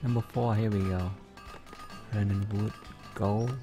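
A man casually commenting on his gameplay, hesitant and muttering, with many ums and pauses. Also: on the low side, steady tone, warm tone, soft background music.

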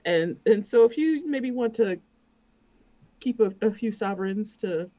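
A woman's voice: mid-range voice, a little slow, pauses often, mellow, muffled recording. A woman player chatting casually and hesitantly, with many fillers. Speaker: player and Twitch channel producer. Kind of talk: casual chat.

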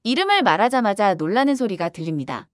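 Fast, lively woman narrating over guitar. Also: medium pitch. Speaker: narrator of a shorts channel. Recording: voice-over with guitar music behind.

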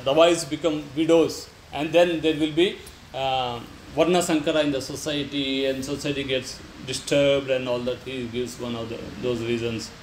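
A man's voice: medium pitch, echoey room, slight background noise, poor audio. A man with an Indian English accent giving an informal scripture talk, telling stories, acting out quotes and slipping into Hindi. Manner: storytelling, mixes Hindi into English, acts out quotes. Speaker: spiritual teacher.

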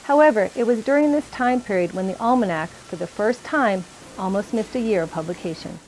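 A woman's voice: mid-range voice, a little fast, a little mellow, slight background noise, poor audio. Woman reading documentary narration. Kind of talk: scripted narration.

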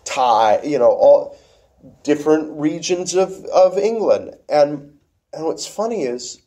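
A man in casual conversation about theatre, musing aloud, trailing off and restarting, then getting animated to make a point. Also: on the high side, slow.

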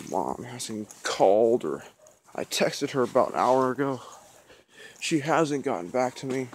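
A man's voice: mid-range voice, lively intonation, moderate pace, a little hiss or hum. A young man vlogging to a handheld camera outside a house, rambling and hamming up his self-pity. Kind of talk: casual vlog to camera.

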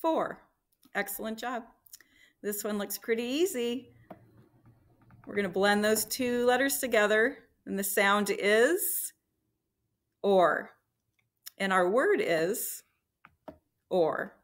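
A woman teacher leading a slow, encouraging phonics lesson for young children, sounding out letters and blending words. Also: mid-range voice.

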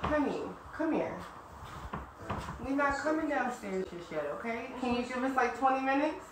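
A woman in a home vlog, gently coaxing a child with sweet talk. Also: high voice, expressive, moderate pace. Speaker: vlogger. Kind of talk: casual family vlog. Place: home indoors. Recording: roomy, distant, noisy phone audio.

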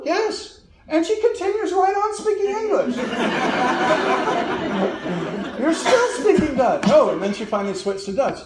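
A man's voice: a little high, darkish tone. A man giving a lecture in an auditorium, telling anecdotes and chuckling at his own stories. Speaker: guest lecturer. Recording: echoey auditorium with faint noise.

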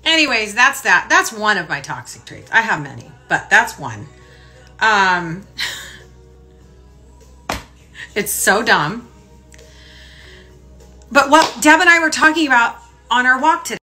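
Bright-voiced chatty woman blogger. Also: fairly high pitch, takes it slowly, pauses often, faint music behind. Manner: rambling, self-mocking, animated storytelling with mock-voiced asides. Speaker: lifestyle blogger. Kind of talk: casual chatty vlog to followers.

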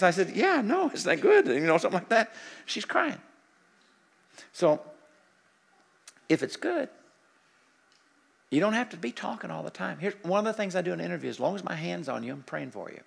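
An older male preacher with a strongly gravelly, husky voice, pitched a little high for a man. He tells healing stories in an animated way, acting out both sides of the conversation. At times he sinks into quiet, murmured prayer. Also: normal speed, pauses often. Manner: animated storytelling, acting out dialogue, drops to soft prayerful murmurs. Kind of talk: sermon. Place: church sanctuary.

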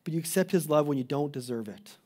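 A man's voice: a little high, expressive, fast talker, darkish tone, breathy edge. A man preaching a sermon as a pastor, earnest and pleading, often restarting mid-phrase. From Canada.

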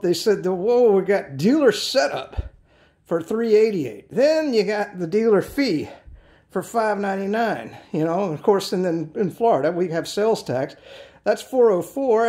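A man's voice: sits high, a little mellow. A man in his late fifties giving a rambling, chatty scooter review, full of fillers, restarts and blunt mild swearing. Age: 50s. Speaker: product reviewer. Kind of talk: casual video review.

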